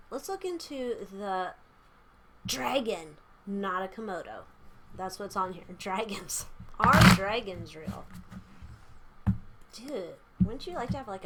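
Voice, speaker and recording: A woman's voice: on the low side, noisy background. Chatty, irreverent woman tarot reader. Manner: rambling, chatty and irreverent, with casual swearing. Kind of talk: casual tarot reading chat.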